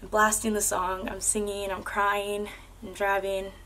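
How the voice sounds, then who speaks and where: A woman's voice: mid-range voice, level tone, measured pace, bright, forceful tone, slight background noise. A young woman earnestly telling a personal story to camera, casual and full of "like" and "um". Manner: earnest, with many fillers like "like" and "um".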